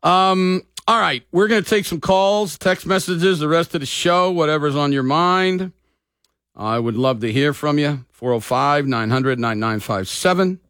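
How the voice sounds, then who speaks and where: A man's voice: a little high, unhurried, a bit bright, smooth, no room sound, clean studio sound. A man hosting a sports talk radio show, chatting bluntly and openly with callers. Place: radio studio.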